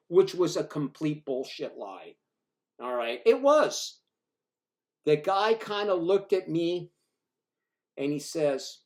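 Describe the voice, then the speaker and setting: A man in his sixties tells an old bar story in a loose, rambling way, full of swearing and emphasis. His voice sits a little high for a man. He keeps to plain, casual storytelling. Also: big pitch swings, slow, long pauses, a little mellow.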